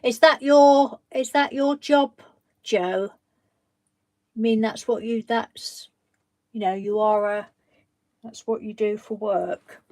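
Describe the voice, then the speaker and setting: A woman's voice: a little high, steady tone, slow pace, pauses often, darkish tone, dry recording. A woman, hosting a craft live stream in a chatty, rambling way, laughing often. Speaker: craft channel host. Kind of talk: casual live-stream chat.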